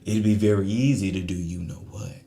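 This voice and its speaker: A man's voice: deep voice, brisk, slight background noise. Sassy mocking man with a drawl. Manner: sassy and mocking, swings between loud jabs and muttering. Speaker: celebrity gossip host. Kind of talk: casual commentary monologue.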